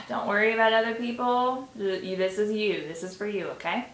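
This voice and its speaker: A woman guiding a tapping session, coaching gently and sighing between slow repeat-after-me phrases. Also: mid-range voice, fairly even intonation. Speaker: tapping guide. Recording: echoey room with faint noise.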